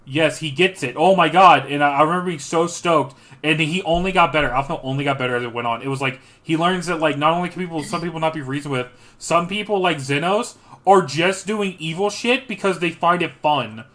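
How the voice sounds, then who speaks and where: A young man with a bright, forceful and slightly high voice, chatting casually about a game. He tells the story in an excitable way and swears a lot. His talk is loose and unscripted. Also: fast, hardly any pauses. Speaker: streamer. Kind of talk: casual gaming chat.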